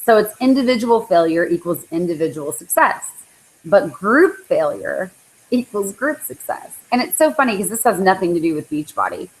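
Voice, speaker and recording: A woman's voice: medium pitch, lively intonation, normal speed, rough recording. A woman coaching her team on a live call, chatty and full of likes and ums. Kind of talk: casual motivational talk. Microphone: live online call.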